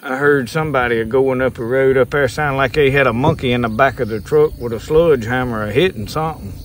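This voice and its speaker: Sitting in a kayak on a pond, a fishing vlogger with a Southern US accent talks casually to camera, folksy and rambling, chuckling as he goes. His mid-range voice is brisk, with slight background noise and insects and crickets audible.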